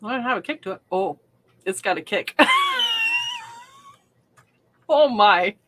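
A woman's voice: medium pitch, animated, brisk, a bit bright, slight background noise. A woman hosting a casual livestream from her hobby room, chatty and self-deprecating, laughing often. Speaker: livestream host. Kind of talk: casual livestream chat while crafting.

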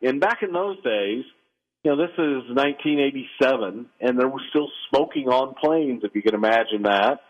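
A man's voice: medium pitch, normal speed. A man telling a story on a radio call-in interview, acting out the people in it, heard through a muffled phone line outdoors in the cold. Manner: animated storyteller, acts out quoted voices. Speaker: podcast host guest.

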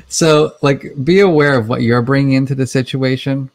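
A man's voice: mid-range voice, a little fast. A man speaking as a guest expert in a conversational interview, explaining things in a chatty way with many fillers.

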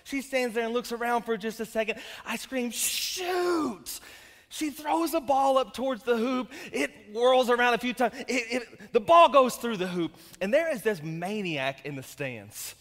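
A pastor in his thirties with a strikingly high voice preaches to his congregation. He tells stories with humor and bursts into loud, fervent shouts. The long reverb of the church hall trails behind him. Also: normal speed, hardly any pauses. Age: 30s. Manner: energetic storytelling with jokes, rising to shouts. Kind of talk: sermon. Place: church sanctuary.

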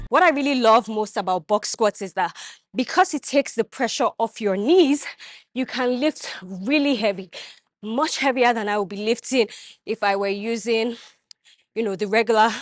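Energetic woman coaching a gym workout. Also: fairly high pitch. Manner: energetic coaching, talks straight to viewers. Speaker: fitness vlogger demonstrating a workout. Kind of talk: instructional workout vlog.

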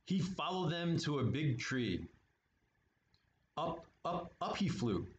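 Playful man reading to kids, animated lilting voice, echoey boomy room. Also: slow. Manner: playful, chatty asides, lively. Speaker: storytime reader at art studio. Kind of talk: children's read-aloud with asides. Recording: echoey room, muffled, faint hiss.

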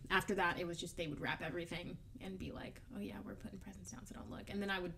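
A young woman co-hosting a casual chat, relaxed, asking questions and laughing often. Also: lowish voice, quick pace, creaky, a little hiss or hum. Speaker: podcast co-host.

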